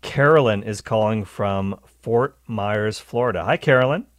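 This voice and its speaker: A low-pitched man hosting a call-in radio program, upbeat and quick to laugh. He talks into a close studio microphone with a dry sound. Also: dry recording. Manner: lively, laughs easily, explains at length. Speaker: radio show host.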